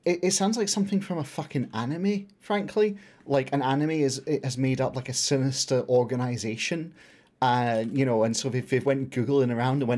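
A man's voice: medium pitch, a little fast, a little mellow. A man co-hosting a political podcast, riffing casually with stammered restarts and swearing. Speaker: podcast co-host.

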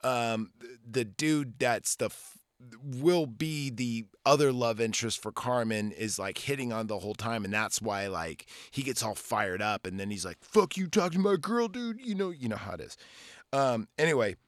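This is a man in his forties hosting a podcast, recounting a movie in a loose, rambling way. He swears casually and leans on "like" and "you know." His voice sits a little low, and the sound is dry and close. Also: normal speed, fairly bright tone, no echo. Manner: rambling and profane, full of fillers. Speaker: podcast host.

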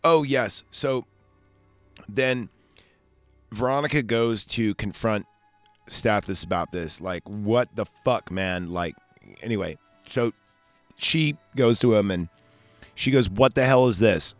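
A man's voice: fairly low pitch, expressive, takes it slowly, pauses often, no room sound, faint music behind. A man hosting a solo podcast, recapping a film in a casual, rambling, profane way. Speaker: podcast host.

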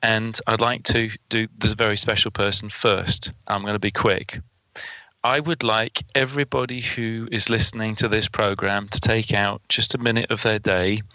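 A man with a low, bright and forceful voice chats on a panel. He is polite and playful. The sound is dry and close. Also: dry recording, low-quality recording. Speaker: panel guest. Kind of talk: casual panel chat.

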